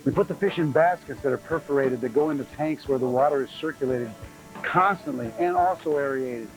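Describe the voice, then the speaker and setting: A man's voice: medium pitch, brisk, faint music behind, rough recording. A man steadily explaining how the tournament takes care of the fish it catches. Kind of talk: explanatory interview.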